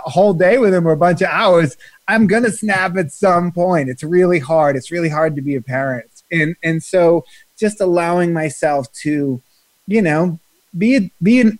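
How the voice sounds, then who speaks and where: A man leading a guided breathing exercise and talking casually about breath work, slow and soothing, with loose filler phrases, on a video call. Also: a little high.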